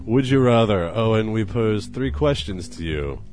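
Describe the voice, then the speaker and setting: Low slow-talking man, dry teasing host. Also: lively intonation, a little mellow, faint music behind. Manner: dry teasing, laughs often. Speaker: podcast host. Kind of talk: casual podcast banter.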